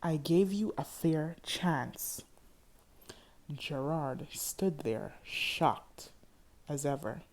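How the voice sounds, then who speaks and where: Brief: woman audiobook reader, low voice, unhurried, dramatic first-person narration. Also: animated, a little mellow.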